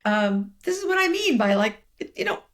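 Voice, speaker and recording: An older woman, a professor as interview guest, telling animated stories in conversation and acting out quoted voices. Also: medium pitch, moderate pace. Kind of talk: storytelling in conversation.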